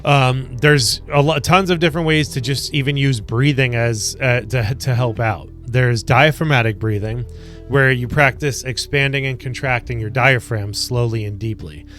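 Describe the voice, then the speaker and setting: A man's voice: mid-range voice, moderate pace, a bit bright, faint music behind. Earnest man coaching with ums and you-knows. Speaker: wellness coach. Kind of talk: self-help talk to camera.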